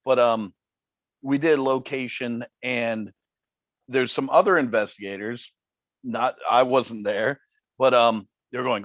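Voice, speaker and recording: A male interview guest in his middle range tells wry, animated stories. His audio is a little dull and lo-fi. It is dry, as if he is close to the mic. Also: medium pitch, takes it slowly, dry recording. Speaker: interview guest, TV paranormal investigator. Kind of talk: casual interview chat.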